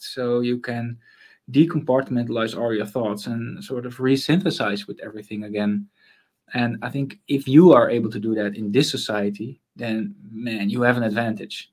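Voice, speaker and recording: Relaxed man musing with many fillers. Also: medium pitch, husky. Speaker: guest, consultant on mental space. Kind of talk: casual interview conversation.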